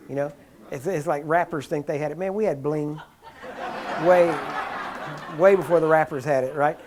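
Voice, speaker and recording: A male preacher telling stories in a sermon, laughing often and acting out the people he describes, getting louder as he goes. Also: fairly high pitch. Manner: grows louder and more excited as the story builds. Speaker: preacher teaching on healing. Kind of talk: storytelling sermon talk.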